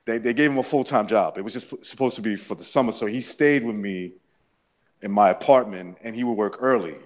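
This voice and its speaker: A man's voice: on the low side, a little fast. A man casually recounting a personal story, rambling with many restarts and frequent swearing. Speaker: interviewee.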